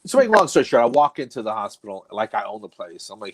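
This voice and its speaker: Racing along with few pauses, the comedian's lowish voice is very animated. A middle-aged guest, he tells a long story in relaxed conversation, mocking himself and laughing as he talks.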